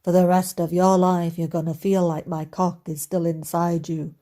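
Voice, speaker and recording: A woman voicing a macho romance hero with a Scottish accent, a man's lowered, hammy seductive drawl. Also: flat delivery, moderate pace, dark tone, lightly acted.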